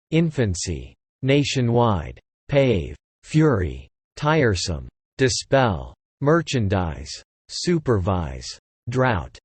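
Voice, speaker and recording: A man reading single English vocabulary words one at a time in a slow, measured way. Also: mid-range voice, breathy edge, no echo. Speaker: vocabulary word reader.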